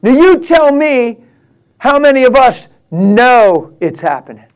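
A man preaching a sermon, rising to passionate, laughing exclamations and dropping to a hushed prayerful tone. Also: extremely high pitch, sing-song, unhurried. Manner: drops to a hushed prayerful tone near the end.

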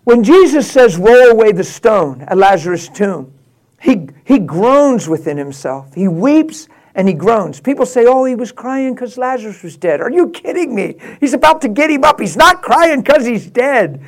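Fiery high-voiced male preacher. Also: very animated, measured pace. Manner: preaches with rising passion, laughs, acts out quotes; drops to a hushed prayerful tone near the end. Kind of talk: sermon.

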